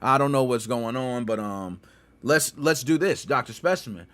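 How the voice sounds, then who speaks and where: Animated slangy man hosting a podcast. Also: mid-range voice, normal speed, dry recording. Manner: animated, slangy banter with frequent laughs. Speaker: podcast host. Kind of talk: casual gaming podcast chat.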